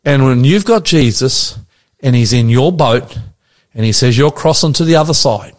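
An Australian man pastoring on a radio show, talking in an earnest, preacherly way. He keeps checking that his co-host follows him, and his voice sits at an ordinary middle pitch. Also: lively intonation. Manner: earnest, preacherly, asks quick check-in questions. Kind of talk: radio devotional chat.

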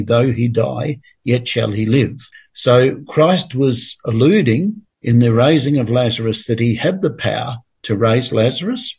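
A man's voice: medium pitch, darkish tone, breathy edge. A man, presenting a Bible study in an earnest, explanatory way and quoting scripture.

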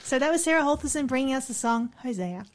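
A woman's voice: high-pitched, expressive, fast. A woman co-hosting a faith radio show, presenting in an upbeat, polished way. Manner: upbeat, bright presenter delivery. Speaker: radio co-host. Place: radio studio.

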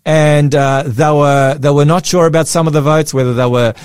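A man's voice: on the high side, fairly even intonation, moderate pace, a little mellow, clean tone, dry recording. Rambling man, close dry mic. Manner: rambling, many restarts and fillers. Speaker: podcast co-host. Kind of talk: casual Christian chat.

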